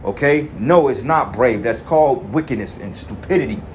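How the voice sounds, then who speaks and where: A man's voice: mid-range voice, animated, normal speed, slight background noise. A man preaching in an angry, profane rant, reading scripture verses and then commenting on them. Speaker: street preacher.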